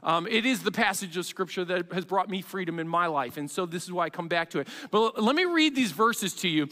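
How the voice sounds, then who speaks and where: Bright-voiced pastor preaching in a reverberant hall. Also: male voice, sits high, fairly quick. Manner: animated storytelling, acts out parent and child. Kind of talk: sermon. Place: church sanctuary with long reverb.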